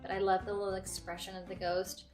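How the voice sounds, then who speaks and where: A young woman hosting a casual vlog, gushing with excitement as she shows off her finds. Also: mid-range voice, fast. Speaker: host showing a thrift haul. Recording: echoey room, faint music.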